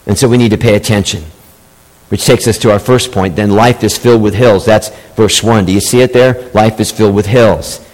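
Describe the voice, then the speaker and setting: A man's voice: fairly low pitch, steady tone, fairly quick, darkish tone. A man, a pastor, preaching a sermon and repeating key phrases for emphasis, sometimes with mock-sweet sarcasm. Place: church sanctuary. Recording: long reverb, large hall.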